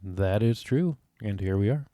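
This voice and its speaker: A man's voice: on the low side, expressive, measured pace, warm tone, no room sound, studio quality. A man co-hosting a casual true crime podcast with laid-back, joking banter, recording in a small hotel room. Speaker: podcast co-host.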